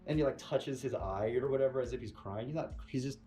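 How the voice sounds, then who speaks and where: A man telling his story in an interview, animated and excited, acting out what others said to him. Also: mid-range voice, quick pace, faint music behind. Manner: excited retelling, mimics other people's words. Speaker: interview guest.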